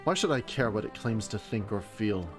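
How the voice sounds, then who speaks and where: A man's voice: lowish voice, animated, normal speed, over music, natural voice. A man voicing a stern, exasperated soldier who grumbles in a game read-aloud.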